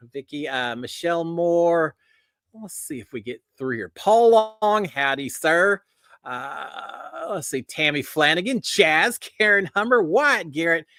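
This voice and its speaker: A man's voice: on the high side, bright, forceful tone, no room sound, studio quality. A middle-aged man with a Texan accent hosting a casual live stream, folksy and upbeat as he greets viewers by name. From Texas. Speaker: host of a live reality TV chat stream.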